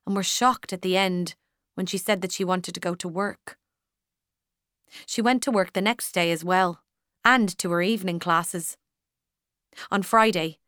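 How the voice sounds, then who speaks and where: A woman narrating a storybook in a measured, even manner, close to the mic. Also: on the low side, no echo. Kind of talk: scripted audiobook narration.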